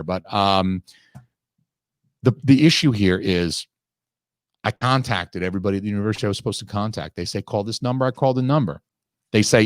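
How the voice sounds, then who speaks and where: A man's voice: lowish voice, no echo, studio quality. A man hosting a podcast, telling a long, profane, ranting story in casual chat. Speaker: podcast host.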